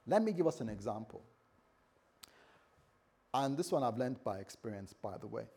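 A man's voice: medium pitch, expressive, moderate pace, warm tone, husky. A man preaching a sermon as a pastor, in a conversational way, with frequent restarts and acted-out dialogue.

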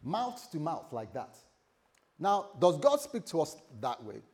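A man preaching a morning sermon as pastor, repeating phrases and swinging between loud and soft. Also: a little high, a little slow, slightly rough. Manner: lively, repetitive preaching with sudden loud and soft turns.

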